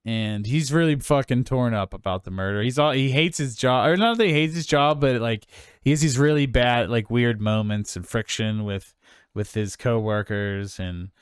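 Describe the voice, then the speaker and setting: Podcast guy rambling about movies, super smooth clear voice, dry close mic. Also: mid-range voice, normal speed, no room sound. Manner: rambling, enthusiastic, swearing casually. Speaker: podcast co-host. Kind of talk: casual film chat.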